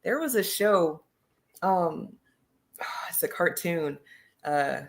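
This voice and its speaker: Her voice is on the low side, creaky and animated, and she speaks slowly. As a host and teacher on a casual livestream, she talks straight to her viewers with real emphasis.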